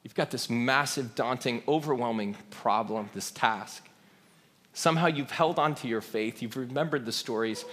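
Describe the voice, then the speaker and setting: A man's voice: medium pitch, normal speed, fairly bright tone, big-room sound. A man giving a sermon as a pastor, telling a story in a conversational way and asking the crowd questions.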